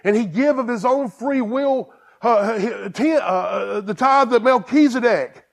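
A man preaching a sermon as pastor, excited and emphatic, repeating and restarting phrases. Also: very high-pitched, a little slow, creaky.

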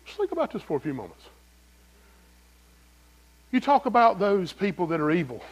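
Pastor, male, high lively voice, folksy preaching, direct questions to the pews. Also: moderate pace, pauses often, husky. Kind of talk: sermon.

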